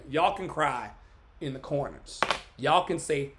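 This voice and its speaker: Man, life coach on a livestream, bright clear voice, a bit higher pitched, dramatic recitation. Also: lively intonation, slow pace, long pauses. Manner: dramatic, emphatic poetry recitation mixed with joking asides. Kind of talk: livestream motivational talk and poetry reading.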